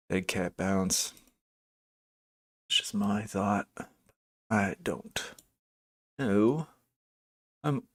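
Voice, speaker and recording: A man hosting a live day trading stream, thinking aloud over charts with many fillers and restarts. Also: on the low side. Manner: thinking aloud, hesitant, frequent fillers and self-corrections; greets chat viewers by name. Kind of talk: casual live market commentary.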